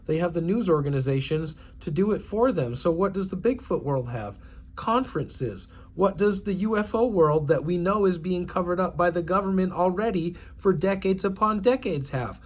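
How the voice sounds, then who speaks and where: A man's voice: high voice, lively intonation, moderate pace, hardly any pauses. A man in his forties from the United States, ranting in a profane, scornful and combative vlog monologue. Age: 40s. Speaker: YouTuber.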